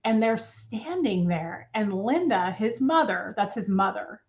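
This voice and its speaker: A woman at home, telling an interviewer her story in a halting, emotional way, with restarts and nervous laughs. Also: mid-range voice, lively intonation, highs cut off. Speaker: interview guest. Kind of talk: personal testimony in a remote interview.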